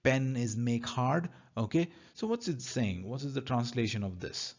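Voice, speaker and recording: A man's voice: medium pitch, expressive, muffled recording. A man teaching literature, reading lines from a play and explaining them carefully. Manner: slow, careful, reads lines then paraphrases.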